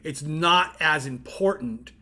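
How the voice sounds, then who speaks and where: A man co-hosting a casual podcast, excitable and swearing constantly, shouting when worked up. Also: a little high, slow. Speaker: podcast co-host. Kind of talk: casual chat.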